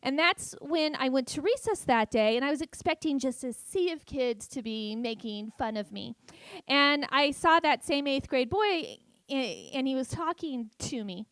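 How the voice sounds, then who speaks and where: A woman in her thirties doing stand-up storytelling, stuttering on repeated sounds and delivering lines with deadpan sarcasm. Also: high voice, measured pace, dry recording. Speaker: stand-up comedian. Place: festival stage.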